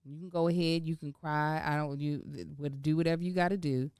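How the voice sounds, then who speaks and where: Smooth, low-voiced woman chatting candidly. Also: fairly even intonation, a little fast, a little mellow, dry recording, clean studio sound. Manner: candid, reflective, often laughing. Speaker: podcast co-host. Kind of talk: casual chat.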